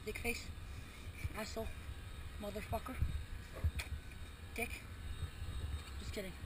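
A man's voice: high-pitched, steady tone, slow. A man filming his friends outdoors by the water, giving crude teasing commentary full of swearing. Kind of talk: casual joking commentary. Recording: distant camera audio, loud boat noise.

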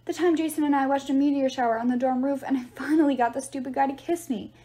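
An anxious teenage girl , voiced by a woman reading a book aloud, who rambles and pleads in a raised, pressing voice. Her tone is mellow and warm, pitched a little high. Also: animated, unhurried. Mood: insistent. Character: teen girl demigod, anxious, insistent. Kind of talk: audiobook reading.

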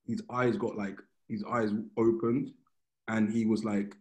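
A man's voice: on the low side, level tone, unhurried, a little mellow, low-quality recording. A man giving a conversational sermon, telling stories and reading scripture in an informal manner that often restarts phrases. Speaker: preacher.

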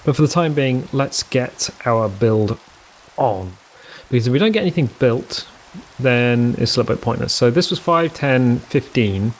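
A man's voice: mid-range voice, animated, normal speed, rough recording. Man thinking aloud over a game. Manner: thinks aloud, counts under his breath, self-mocking asides. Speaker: let's play host. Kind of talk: casual gameplay commentary.

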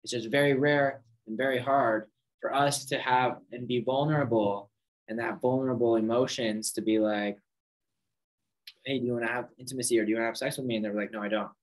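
A man's voice: medium pitch, fairly even intonation, brisk, low-quality recording. A man giving an earnest, casual talk on relationships, often acting out both sides of a conversation with fillers and restarts. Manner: earnest, acts out dialogue in quotes, many fillers. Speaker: self-help speaker.

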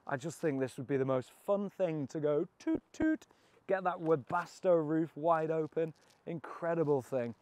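A man's voice: on the high side, animated, moderate pace, a little mellow, no room sound. A British man presenting a walkaround of a classic car auction, enthusiastic, cheeky and full of jokes. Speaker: car vlogger.

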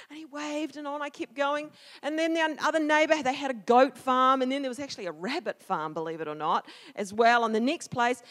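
A woman with a fairly high voice shares a personal story during a church service. She is an animated storyteller who acts out the shouts and the quoted words of the people in it. Her voice carries through a reverberant church sanctuary. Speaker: church speaker. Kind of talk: storytelling sermon. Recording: long hall reverb.

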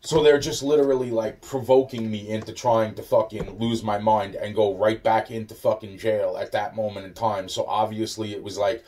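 A man with a lowish, mellow voice rambles through a profane rant, circling back with "you know" and "like" and restarting his sentences. He sounds a little distant from the microphone. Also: little pitch movement, normal speed, hardly any pauses, a little hiss or hum. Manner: profane, repetitive, full of fillers and restarts. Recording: voice a bit far from the mic.

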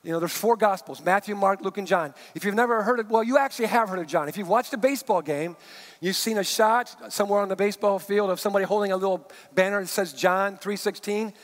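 A male pastor preaching a sermon, telling stories in an animated way and acting out the people in them. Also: sits high, fast. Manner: animated storyteller, acts out the people in his stories. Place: church sanctuary. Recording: long reverb of a church hall.

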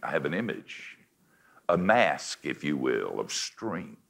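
An older man with a deep voice preaching a confessional sermon, swinging between forceful lines and hushed ones. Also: very animated, slow pace, vocal fry.

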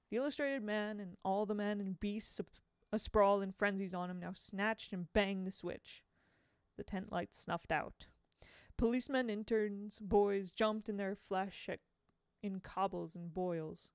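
A woman reading a novel aloud as an audiobook, in a dramatic, expressive way. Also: mid-range voice, clear, resonant tone, dry recording, clean studio sound. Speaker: audiobook reader.

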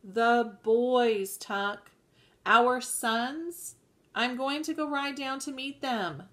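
Sensible farm wife, middle-aged, eager and firm, as a woman reader voices her, slow delivery. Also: fairly high pitch, a bit bright, voice pushed up. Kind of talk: audiobook reading.

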